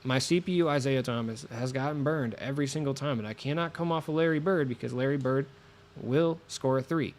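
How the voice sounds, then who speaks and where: A man streaming a basketball video game, chatting casually and excitably with viewers, cursing as he plays, with a voice a little lower than usual from being sick. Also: fairly quick. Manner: swearing, excitable, talks to chat while playing. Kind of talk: casual gaming stream chat.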